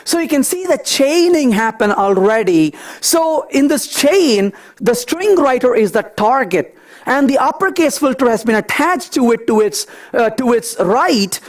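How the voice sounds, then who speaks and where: Animated man giving a coding talk. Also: very high voice, measured pace. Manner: animated, storytelling asides, thinks aloud. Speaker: conference speaker. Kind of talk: technical talk with live coding.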